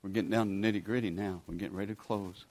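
A man's voice: on the low side, steady tone, rapid-fire, darkish tone. A man, preaching a sermon in a folksy, pleading, conversational way as a guest preacher. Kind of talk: sermon with altar call.

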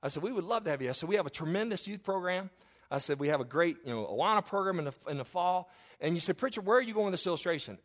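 A man's voice: on the high side, animated. Storytelling male pastor preaching a sermon. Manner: storytelling, quoting others in dialogue; swells loud and slow on emphatic lines.

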